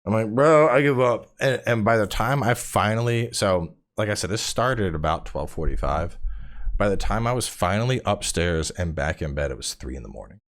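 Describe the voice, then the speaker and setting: Casting: man, 30s, very low voice with swooping, animated delivery; casual podcast guest who acts out his anecdotes. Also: fairly quick. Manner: animated storytelling, acts out quotes, swears casually. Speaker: podcast guest, game streamer. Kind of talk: casual chat.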